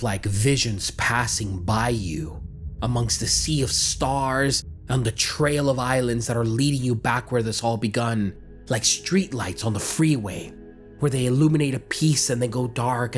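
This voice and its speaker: A man's voice: mid-range voice, normal speed, faint music behind. A man narrating a tabletop game as game master, painting scenes in vivid detail.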